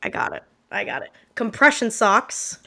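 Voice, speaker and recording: Woman, bright, crisp, matter-of-fact, casual interview. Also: a little high, sing-song, moderate pace. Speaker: podcast guest.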